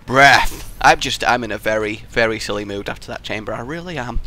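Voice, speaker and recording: A young man giving excitable, jokey let's play commentary as he plays through puzzle maps, yelping and shouting when he fails. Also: medium pitch, fairly quick, hardly any pauses. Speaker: gaming YouTuber.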